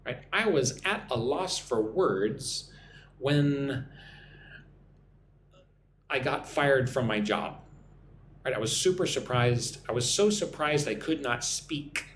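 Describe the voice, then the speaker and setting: A man's voice: mid-range voice, echoey room, a little hiss or hum. A man from Texas with a mild Texan accent, teaching English on a live stream and reading viewer comments aloud in a chatty way. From Texas, USA.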